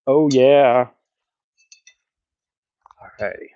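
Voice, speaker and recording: This lowish-voiced man takes his time and leaves long pauses as he streams axe throwing outdoors in his backyard, tallying throws aloud, swearing, and addressing his chat. The audio has its highs cut off and a little background noise.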